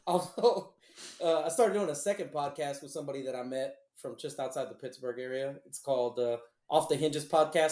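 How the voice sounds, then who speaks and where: A man's voice: on the high side, darkish tone. A man hosting a podcast in casual chat, laughing often, joking and swearing freely. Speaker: podcast host. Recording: roomy echo.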